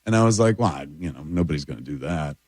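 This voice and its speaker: A man, a filmmaker guest telling animated, rambling stories in a casual studio chat. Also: rumbling low, fast, no room sound. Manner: animated, rambling anecdotes with lots of "like" and "dude". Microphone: radio studio mic.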